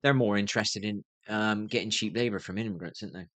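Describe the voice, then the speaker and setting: A man's voice: lowish voice, fast, a bit bright, dry recording. A man in his fifties streaming his gaming, rambling to himself in a tired, muttering way. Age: 50s. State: tired, yawning. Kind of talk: rambling livestream monologue.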